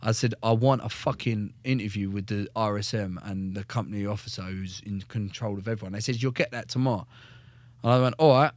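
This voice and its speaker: Man, blunt, sweary, animated storytelling, dry close mic. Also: on the low side, fairly quick, no room sound. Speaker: guest, former soldier. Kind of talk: casual podcast storytelling.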